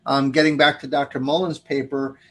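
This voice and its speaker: A man hosting a studio interview, speaking in a measured way with frequent pauses and restarts. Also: mid-range voice, flat delivery, fairly bright tone, slightly rough. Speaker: podcast host. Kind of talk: interview conversation.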